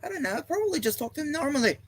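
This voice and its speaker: A man's voice: extremely high pitch, big pitch swings, very fast. A man co-hosting a casual livestream chat, goofy and joking. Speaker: co-host.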